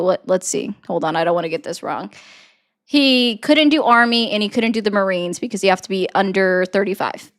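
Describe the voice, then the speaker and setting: This woman's voice is medium in pitch and a bit bright. On a casual livestream, she reads out chat messages and responds with blunt, sarcastic political commentary.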